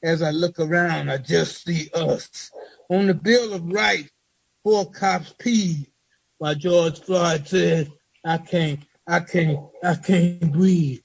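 A man reading a spoken word poem he wrote, in a slow rhythmic delivery with repeated refrains. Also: a little high, vocal fry, slightly rough, dry recording, rough recording. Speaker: poet reading his own poem.

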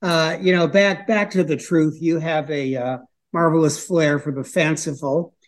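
A man hosting a chat show, speaking haltingly with many fillers and dry jokes. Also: fairly high pitch, fairly even intonation. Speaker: talk show host. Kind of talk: casual interview chat.

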